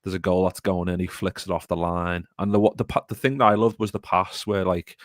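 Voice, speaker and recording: A man's voice: low-pitched, fairly even intonation, brisk, dry recording, studio quality. A man co-hosting a live football podcast, chatting casually and rambling as he reads out viewer comments. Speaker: podcast co-host.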